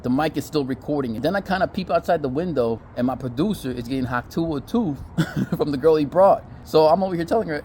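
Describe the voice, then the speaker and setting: A man's voice: fairly high pitch, expressive, fast talker, a little mellow, a little hiss or hum. A man telling stories in a casual vlog, in a loose, profane and chatty way. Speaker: storyteller.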